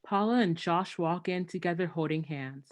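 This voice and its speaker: A reader calmly reading out stage directions for a play reading. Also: medium pitch, moderate pace.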